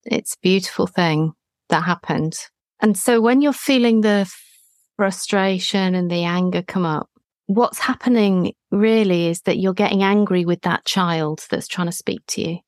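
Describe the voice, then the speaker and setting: A woman, hosting a gentle therapeutic conversation in a calm, reassuring, deliberate way. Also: fairly low pitch, no room sound, studio quality. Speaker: healing practitioner, podcast host.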